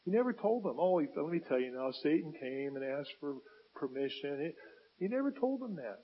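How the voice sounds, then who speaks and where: A male pastor preaching a sermon, swinging from loud impassioned pleading to quiet reflective asides. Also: a little high, sing-song, brisk, muffled recording.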